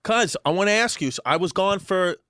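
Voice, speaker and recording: A man's voice: sits high, expressive, fairly quick, fairly bright tone, dry recording. Playful rambling man on a dry mic. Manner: rambling, playful, many fillers. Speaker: podcast co-host. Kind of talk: casual comedic banter.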